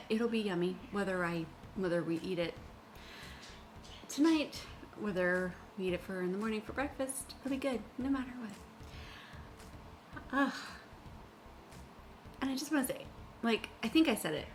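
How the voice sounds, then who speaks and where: A woman's voice: mid-range voice, a bit bright, slight background noise. A middle-aged woman hosting a baking podcast from her kitchen, chatting casually, giggling often and rambling with lots of fillers. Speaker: podcast host. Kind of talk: casual chat while baking.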